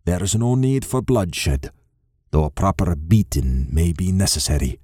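A stern older Scottish clan father, gruff and commanding, as a male narrator puts him on. His voice sits low and blunt, and he spits out curses when he is riled. The sound is dry and close, with no room around it. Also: animated, measured pace, darkish tone, dry recording, heavily acted.

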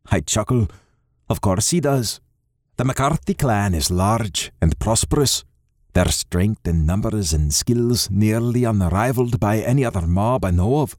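A man narrates a novel in the first person in a steady, measured way. His voice sits on the low side. The recording is close and dry, with no room sound. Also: no echo. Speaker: audiobook narrator.

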